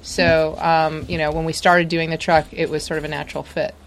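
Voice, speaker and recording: A woman's voice: sits low, level tone, brisk, vocal fry, a little hiss or hum. A woman who cooks on a food truck, chatting with some hesitant fillers. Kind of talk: casual chat.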